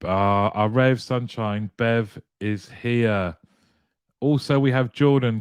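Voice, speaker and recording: A man's voice: medium pitch, slow pace, clear, resonant tone, no echo. A man hosting a casual live show, greeting viewers one by one and laughing lightly as he chats. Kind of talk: casual live-stream chat, reading viewer comments aloud.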